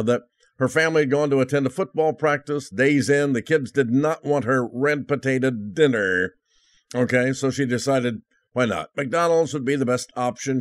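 A man's voice: medium pitch, no room sound, clean studio sound. An older man in his eighties hosting a Christian radio talk show, chatty and joking, laughing at his own lines.

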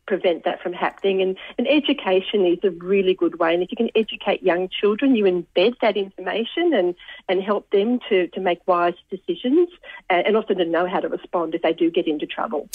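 Australian woman caller, grateful author, slightly husky, dry phone-line sound. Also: on the low side, brisk, no echo. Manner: emotional, teary, grateful. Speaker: radio caller, children's author. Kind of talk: phone interview on radio.

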